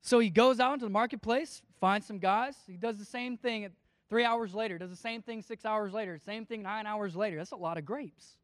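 A man's voice: high-pitched, a little fast, dry recording, clean studio sound, in a large hall. A man preaching a casual sermon, retelling a parable and acting out the characters' lines. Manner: casual, acts out the story's voices.

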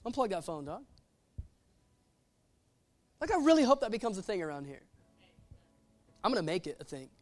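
A man preaching a sermon in an animated, playful way, acting out little quotes as he goes. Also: high voice, fast, long pauses, faint music behind.

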